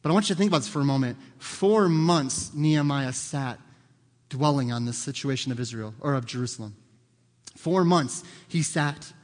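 A man's voice: mid-range voice, normal speed. A man preaching a sermon as pastor, earnest and conversational, sharing personal stories. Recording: long hall reverb.

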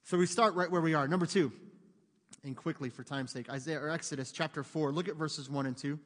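A man preaching a sermon in an animated way, joking with the congregation and acting out voices. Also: on the high side, fairly quick. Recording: long hall reverb.

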